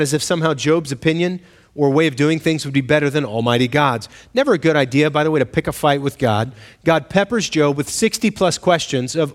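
Guy preaching a sermon, chatty, asks the room questions, slightly high voice, long hall echo. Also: expressive, fairly quick. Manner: conversational, asks the congregation questions, acts out quoted voices. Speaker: pastor.

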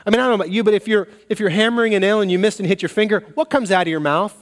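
A man's voice: high voice, racing. A man preaching a sermon as pastor, telling stories and acting out bits of dialogue. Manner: animated storytelling, acts out dialogue. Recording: long reverb of a large hall.

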